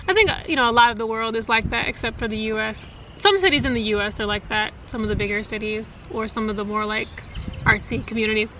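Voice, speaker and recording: Woman vlogging outside in the wind, a bit high pitched, lots of ums, loud wind hiss. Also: rough recording. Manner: chatty, many fillers, laughs often. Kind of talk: casual chat. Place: outdoors in cold wind. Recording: wind noise on the mic.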